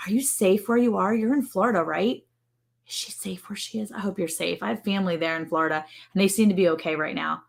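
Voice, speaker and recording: A woman's voice: mid-range voice, creaky. A woman hosting a casual livestream from her ranch, chatting playfully and joking while reading out viewer comments. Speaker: livestream show host. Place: ranch home.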